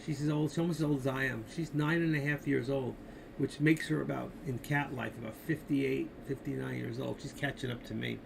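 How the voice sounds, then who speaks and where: A man's voice: medium pitch, steady tone, a little fast, creaky, background noise. An older man hosting a casual live stream, talking markets and opinions in a rambling, opinionated way, speaking straight to his viewers.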